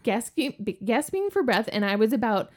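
A woman in her forties co-hosting a podcast, telling a story in a casual, animated way and acting out the quotes. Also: normal speed. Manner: animated, acts out quotes with big pitch jumps. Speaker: podcast co-host.

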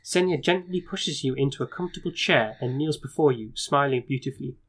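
A man reading a fantasy gamebook aloud and hosting the playthrough, with asides and stumbles. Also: mid-range voice. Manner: brisk narration with stumbles and asides. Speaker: gamebook reader and host.

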